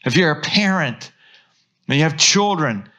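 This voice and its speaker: A man, a pastor, preaching a sermon, swinging between animated emphasis and soft hushed asides. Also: on the high side, unhurried.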